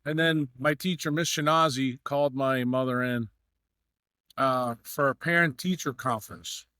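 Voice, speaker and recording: A middle-aged man from New York, a guest on a podcast, tells long, winding stories full of "uh" and "you know." He slips into the voices of the people in his tales. His voice sits at an ordinary pitch, and it is caught close and dry, with no room sound. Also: fairly even intonation, normal speed, bright, forceful tone, smooth, no echo. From New York, USA. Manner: rambling anecdotal telling with many fillers, acting out quoted dialogue. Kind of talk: storytelling in a podcast interview.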